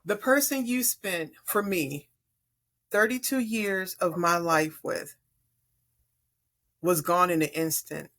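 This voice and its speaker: A middle-aged woman from Chicago, a podcast guest speaking in an earnest, encouraging, deliberate way. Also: fairly low pitch, fairly bright tone. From Chicago, USA. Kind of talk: earnest advice in conversation.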